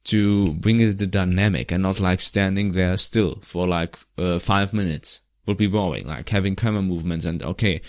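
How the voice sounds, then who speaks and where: A man with a fairly low voice chats loosely over footage of his own old project. His talk wanders, with plenty of restarts and the odd laugh. The sound is dry and close, with no room around it. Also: steady tone, normal speed, few pauses, dry recording. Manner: rambling, restarts often, laughs now and then. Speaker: vlogger. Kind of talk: casual commentary over his old video.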